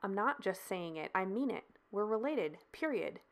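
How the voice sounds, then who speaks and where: A woman's voice: mid-range voice, animated, normal speed, natural voice. Intense sincere man, earnest, reassuring, voiced by a woman reader.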